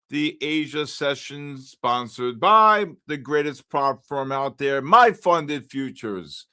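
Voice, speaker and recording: An older man hosting a live trading stream, chatting casually, greeting viewers by name and breaking into loud exclamations. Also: on the high side, animated, slow pace, clean tone. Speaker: livestream trading host.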